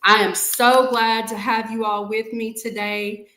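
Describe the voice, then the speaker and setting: A woman's voice: fairly high pitch, little pitch movement, unhurried, reverberant. A woman hosting a podcast, talking casually to viewers and often saying "y'all". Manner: chatty, warm toward viewers, says "y'all" often. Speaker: podcast host. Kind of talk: casual live-stream talk to viewers.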